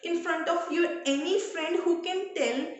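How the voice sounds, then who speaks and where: A woman with an Indian English accent giving an English lesson, explaining slowly and repeating examples. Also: very high-pitched, heavy reverb, a little hiss or hum. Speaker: English teacher. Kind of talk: classroom lecture.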